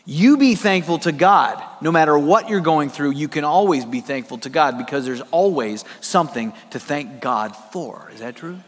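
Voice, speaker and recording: High-voiced pastor preaching in a hall. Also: male voice, expressive, normal speed. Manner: conversational storytelling with comic asides. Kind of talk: sermon. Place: church sanctuary. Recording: long hall reverb.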